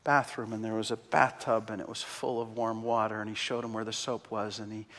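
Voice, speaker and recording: A man preaching a sermon and telling a story, impassioned, swinging between loud outbursts and quiet, slow passages. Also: fairly low pitch, little pitch movement. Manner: impassioned, big swings in loudness. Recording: long hall reverb.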